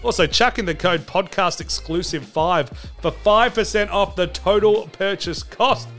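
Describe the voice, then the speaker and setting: Brash, hyped comedy podcast host. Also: male voice, sits high, unhurried, a bit bright, faint music behind. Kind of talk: comedic podcast banter and merch plug.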